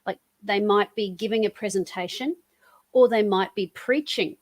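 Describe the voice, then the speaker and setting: A woman's voice: mid-range voice, normal speed, no room sound. A woman hosting a podcast interview, chatting enthusiastically and rambling through her thoughts. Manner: enthusiastic, rambling, restarts often. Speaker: podcast host. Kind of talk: casual interview chat.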